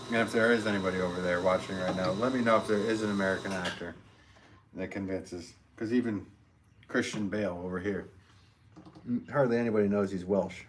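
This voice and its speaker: Rambling low-voiced man, noisy studio. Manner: rambling, chatty, many fillers and restarts. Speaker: potter livestreaming. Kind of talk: casual livestream chat reading comments. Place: pottery studio. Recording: steady noise in the background.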